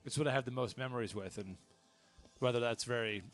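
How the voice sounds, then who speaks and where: A man's voice: medium pitch, fairly quick, faint music behind. A young man co-hosting a podcast, chatting casually and jokingly about video games. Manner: relaxed, jokey, puts on a Jersey voice for laughs. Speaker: podcast co-host.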